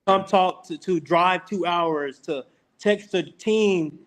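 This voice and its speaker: A man's voice: high voice, slow. A young man, a college football player, telling stories in a casual podcast interview and acting out the quotes. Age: young adult. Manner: animated storyteller who acts out quotes.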